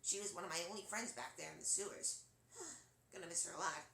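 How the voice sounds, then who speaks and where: A man voicing a shy, laid-back male cartoon alligator who speaks softly. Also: high-pitched, brisk, vocal fry, echoey room, a little hiss or hum, full character voice. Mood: wistful.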